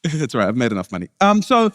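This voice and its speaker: Lively New man telling jokes. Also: mid-range voice. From New Zealand. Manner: joking, self-interrupting storytelling. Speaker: keynote speaker, comedian. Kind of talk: comic keynote speech. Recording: long hall reverb.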